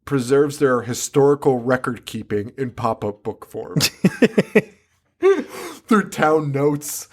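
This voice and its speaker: A man's voice: mid-range voice, slow. A man hosting a podcast, chatting casually about a movie, swearing a lot, laughing often and acting out scenes in silly voices. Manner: profane, laughing, acts out characters in silly voices. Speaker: podcast host. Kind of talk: casual movie-review chat.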